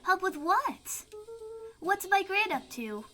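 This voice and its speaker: A woman's voice: very high voice, big pitch swings, takes it slowly, over music, voice pushed up, exaggerated voice. A woman voicing a curious young boy who asks suspicious questions. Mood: wary.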